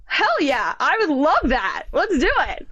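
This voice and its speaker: Female podcast guest, high voice, enthusiastic, dry close recording. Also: huge pitch swings, a little slow, fairly bright tone, dry recording, highs cut off. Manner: eager, laughs easily. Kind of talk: casual podcast interview.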